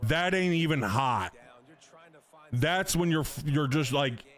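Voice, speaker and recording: A man's voice: a little high, lively intonation, takes it slowly, a bit bright. A middle-aged man from North Carolina, chatting casually and joking with viewers on a gaming stream. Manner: chatty, joking, slangy, reads chat aloud. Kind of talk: casual live-stream chat.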